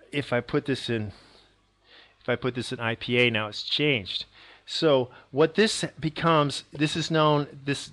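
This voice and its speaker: A man's voice: mid-range voice, fairly bright tone. Rambling American man lecturing on accents. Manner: rambling, self-correcting, chuckles often. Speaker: language teacher. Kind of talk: casual video lecture.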